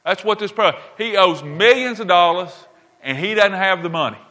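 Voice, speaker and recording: Bright-voiced man preaching a sermon. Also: high-pitched, animated, normal speed. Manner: emphatic, repeats key lines, checks in with the audience. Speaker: pastor.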